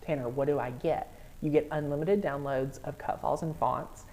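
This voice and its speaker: A woman hosting a live crafting software tutorial, bubbly and excitable, talking viewers through each step. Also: low-pitched, normal speed.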